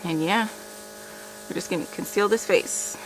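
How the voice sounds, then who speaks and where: A makeup vlogger chats casually through a tutorial on her channel, laughing often and filling her speech with "like" and "kinda." Her voice is medium in pitch at a moderate pace, and she sounds a bit out of breath.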